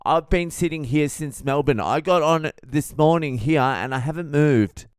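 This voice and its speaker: A man's voice: on the high side, normal speed, clear, resonant tone, no echo, studio quality, pitched above the performer's own voice, natural voice. A man doing a stubborn confused passenger. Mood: insistent. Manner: insistent.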